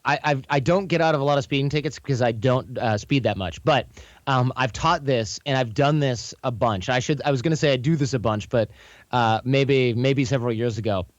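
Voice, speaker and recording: A man talks as a podcast guest, telling anecdotes in a quick, chatty flow and often restarting his sentences. His voice sits at an ordinary middle pitch. The audio is dull and slightly lo-fi, with no room sound around it. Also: no room sound. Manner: quick, chatty, anecdotal, frequent self-corrections. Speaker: podcast guest, charm coach. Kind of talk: casual conversational explanation.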